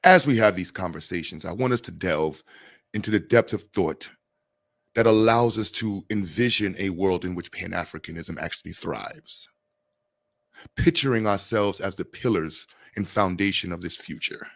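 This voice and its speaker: A man's voice: deep voice, moderate pace, gravelly. A man putting on the voice of a pompous, overly formal male orator with elaborate, stiff diction. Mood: grandiloquent.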